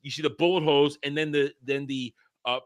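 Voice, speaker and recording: A man co-hosting a casual film discussion, excitable, tripping over his words and acting out movie lines. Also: a little high, brisk. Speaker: podcast co-host.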